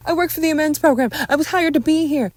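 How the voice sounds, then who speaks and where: A woman's voice: medium pitch, animated, normal speed, warm tone, no room sound, voice pushed up. A woman voicing a rattled young man who stammers and hedges in a narrated audio story. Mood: nervous. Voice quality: stammering, hesitant.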